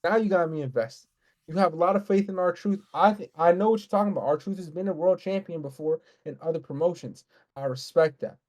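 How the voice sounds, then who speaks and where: A man co-hosting a casual podcast, ranting in a heated, profane, fast way. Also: sits high, a little mellow. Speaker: podcast co-host. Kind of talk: casual wrestling podcast rant.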